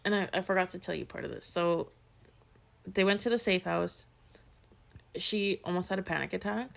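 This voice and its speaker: A woman chats her way through a true-crime story on a podcast, full of fillers and quoted asides. Her voice sits a little low and has a gravelly edge. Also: normal speed. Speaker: podcast co-host. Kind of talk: casual chat, retelling true-crime stories.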